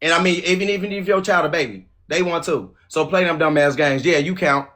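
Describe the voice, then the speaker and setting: A man's voice: a little high, fairly quick, fairly bright tone. A man hosting a podcast, ranting in a profane, aggressive and scornful way. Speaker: podcast host. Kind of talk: heated opinion rant.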